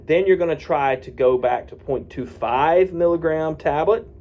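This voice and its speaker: A male physician talking straight to his viewers in a relaxed, folksy way, often checking that they follow him. His voice sits in an ordinary middle pitch. The recording sounds a little muffled and lo-fi. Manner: conversational, folksy, frequent "okay?" and "right?" checks. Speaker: physician giving addiction-medicine advice. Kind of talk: casual talk to camera.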